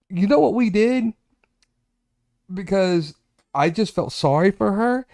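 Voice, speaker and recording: A man in his forties hosts a relaxed chat show and spins a meandering personal story, stopping to restart and correct himself as he goes. His voice is mellow and dark, and the recording is close and dry, with little sound from the room. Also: high-pitched, slow, gravelly, long pauses, dry recording. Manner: rambling, self-correcting anecdotes with animated asides. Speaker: podcast host.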